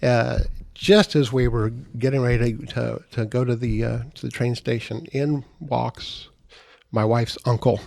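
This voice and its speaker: A middle-aged man speaks as a podcast guest, with a gravelly voice at an ordinary pitch. He tells his story in a halting, casual way and often repeats his words. The recording is close and dry, with no room sound. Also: steady tone, darkish tone, no echo.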